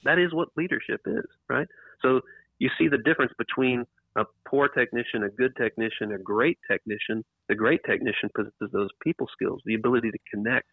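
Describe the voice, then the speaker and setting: A man's voice: medium pitch, fairly quick, gravelly, dry recording. A man being interviewed about his book, talking in a rambling way with restarts and emphatic repeats. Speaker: author and interview guest. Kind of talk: casual interview talk. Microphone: computer microphone. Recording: tinny phone-like line, dry.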